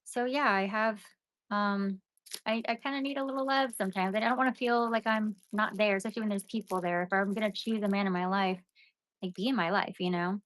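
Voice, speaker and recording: A woman's voice: mid-range voice, fairly even intonation, brisk, a bit bright. A young woman chatting casually and venting to her live-stream viewers, with "like" and "you know" running through her talk. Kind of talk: casual rambling chat to viewers.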